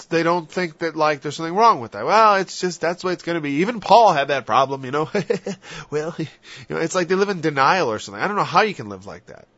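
A man giving an informal sermon in an animated way. He mocks imagined sinners in exaggerated voices and sometimes drops to a whisper. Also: a little high, no room sound. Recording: dull lo-fi dry recording.

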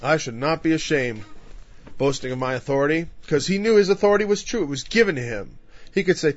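A man's voice: a little high, fast, no room sound, lo-fi sound. A middle-aged man teaching from the Bible in a casual, conversational sermon, acting out quotes in playful voices.

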